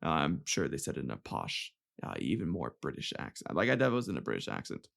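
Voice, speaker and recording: A man's voice: very deep voice, huge pitch swings, brisk, gravelly, a bit bright. Rambling, joking male podcast host. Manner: rambling, joking, swears, stumbles over names. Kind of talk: casual comedic history podcast.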